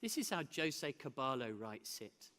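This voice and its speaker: A man's voice: medium pitch, a little slow. Man telling a story in an echoing hall. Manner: animated storytelling with laughs and restarts. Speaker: keynote speaker. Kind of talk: conference keynote speech. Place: large hall. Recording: hall with long reverb.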